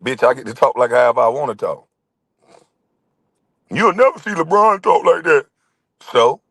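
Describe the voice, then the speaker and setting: A man's voice: mid-range voice, sing-song, moderate pace, fairly bright tone, dry recording. A middle-aged man hosting his own channel, ranting to camera in a confrontational, constantly swearing monologue. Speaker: channel host.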